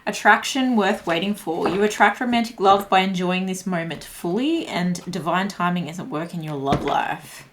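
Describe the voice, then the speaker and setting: A woman's voice: fairly low pitch, animated, moderate pace, a little hiss or hum. A young woman reading tarot cards in a casual, chatty way, often laughing and filling gaps with "like" and "um". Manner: chatty, giggly, lots of fillers. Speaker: tarot reader.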